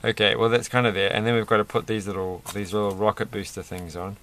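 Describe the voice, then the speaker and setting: A man's voice: fairly low pitch, level tone, fast, a bit bright, a little hiss or hum. A man rambling through a toy build with self-mocking, off-the-cuff commentary, laughing at his own jokes. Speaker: toy reviewer building a set.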